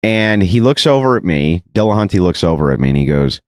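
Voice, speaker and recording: A man telling a debate story in an animated, mocking way, mimicking his opponent's voice and laughing often. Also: sits low, brisk, no room sound. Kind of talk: animated anecdote on a podcast clip.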